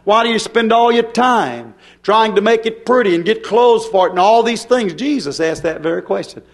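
A man delivers a fervent sermon in a high voice. He fires off rhetorical questions and builds into emphatic, rising bursts. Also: lively intonation, normal speed. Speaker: preacher.

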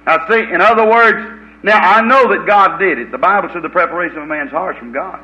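A man preaching a fiery, folksy revival sermon, swinging from loud preaching to low muttered asides. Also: a little fast. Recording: dull lo-fi old recording.

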